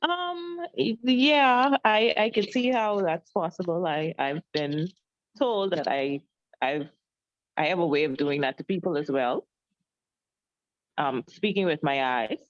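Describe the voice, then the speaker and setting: Woman, class participant, hesitant and halting, very low voice, dull lo-fi call audio. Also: no room sound. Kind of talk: casual answer in an online class.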